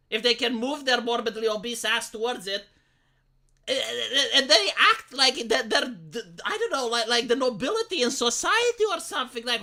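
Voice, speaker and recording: A woman's voice: high-pitched, pushed and bright. A young woman streamer ranting in casual chat, profane and exasperated, rambling with frequent restarts. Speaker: live streamer.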